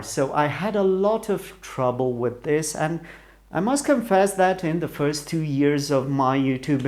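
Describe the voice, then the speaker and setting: A man's voice: on the high side, darkish tone. A middle-aged man from Romania with a Romanian accent, talking to camera in a hesitant, rambling way and often searching for the right English words. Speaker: YouTuber. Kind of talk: rambling solo talk to camera.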